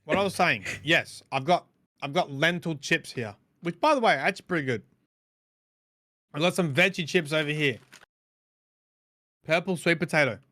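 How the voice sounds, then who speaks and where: An Australian man with a fairly high, bright voice co-hosts a laid-back podcast chat. His delivery rambles and swears freely, with a self-mocking edge. His pitch jumps about as he talks, and the sound is close and dry. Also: lively intonation, normal speed, long pauses, no echo. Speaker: podcast co-host. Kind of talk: casual chat.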